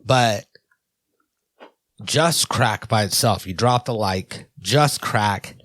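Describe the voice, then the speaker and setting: A man's voice: fairly low pitch, slow pace, fairly bright tone, slight background noise. A man co-hosting a podcast in casual, joking chat. He laughs often and swears freely. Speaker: podcast co-host.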